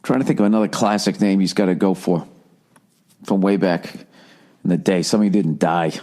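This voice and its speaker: A man in his forties with a Boston accent, hosting a solo comedy podcast and ranting in a profane, sardonic, animated way. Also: low-pitched, brisk. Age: 40s. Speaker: podcast host.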